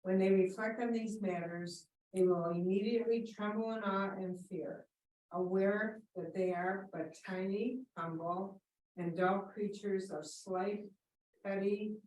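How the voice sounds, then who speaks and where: A woman in a class reads a passage aloud in a steady, even way. She is far from the mic, in a roomy space with faint ambience behind her. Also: mid-range voice, unhurried, slight background noise. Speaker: class participant reading a text aloud. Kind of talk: reading aloud.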